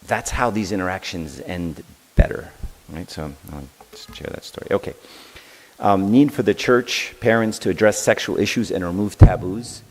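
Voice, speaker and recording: A middle-aged man with a low voice gives a parenting seminar in a church hall, and the sound rings with a long reverb. He talks casually, keeps checking in with the audience, and acts out the dialogue of his stories. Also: normal speed. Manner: conversational, tags lines with "right?". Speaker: seminar speaker.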